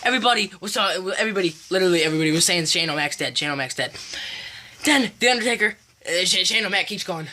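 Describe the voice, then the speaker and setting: Brief: woman, bright, sharp tone, excitable play-by-play recap, lots of fillers. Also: fast talker, a little hiss or hum. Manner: excitable play-by-play, jumps high and loud at big moments; many fillers and restarts. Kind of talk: excited recap of a wrestling event.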